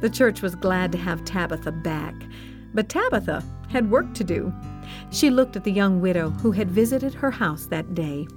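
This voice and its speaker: A woman narrating a Bible story for children in a gentle, expressive scripted style. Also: fairly low pitch, normal speed, over music.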